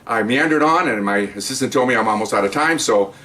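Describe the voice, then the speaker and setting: A man, a former police supervisor, hosting a podcast and telling a rambling story with lively acted-out quotes. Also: mid-range voice, fast, a little hiss or hum. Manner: animated and rambling, acting out quoted voices. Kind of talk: casual anecdotal storytelling.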